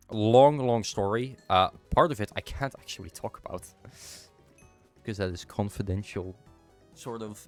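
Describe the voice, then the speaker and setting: A young Dutch man streaming a game, chatting casually with his viewers; his nose is stuffed up from a cold. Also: lowish voice. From Netherlands. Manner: chatty, answers chat while playing. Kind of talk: casual chat while gaming.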